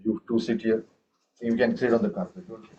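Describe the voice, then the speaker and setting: A man's voice: lowish voice, level tone, a little fast, warm tone, muffled recording, slight background noise. A man teaching a tabla class. He talks patiently, often checking with "okay" and "right?", and chants rhythm syllables aloud for the students. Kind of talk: classroom music lesson. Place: room with students.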